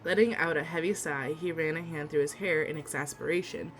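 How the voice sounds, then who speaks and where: A woman's voice: deep voice, a little fast, a little hiss or hum. A young woman streaming a visual novel, reading its text aloud and gushing with giggly reactions. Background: faint game music.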